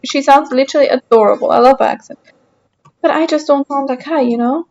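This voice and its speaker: A young woman, a gaming streamer, plays a game from her sofa at home and chats loosely and unscripted with her viewers. Her high, bright voice keeps a steady tone at a quick pace, though the audio is poor. She responds to chat aloud with a playful, defensive streak.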